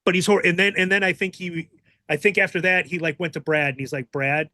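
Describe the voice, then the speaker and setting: A man's voice: high voice, steady tone, brisk, pushed and bright, dry recording. A man hosting a podcast, chatting casually and bluntly, swearing freely. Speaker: podcast host. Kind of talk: casual chat.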